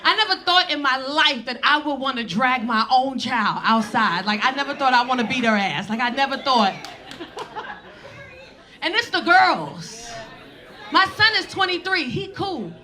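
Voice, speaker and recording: A stand-up comedian, telling a loud, profane story on stage with punchy delivery. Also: female voice, sits high, expressive, moderate pace, some chatter behind. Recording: noisy live club recording. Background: audience laughter.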